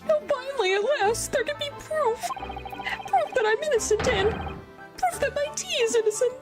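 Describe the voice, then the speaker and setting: A woman voicing an excitable, fussy man who squeals his lines with delight. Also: extremely high pitch, moderate pace, over loud music, pitched above the performer's own voice. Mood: elated. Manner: squealing, breathless exclamations.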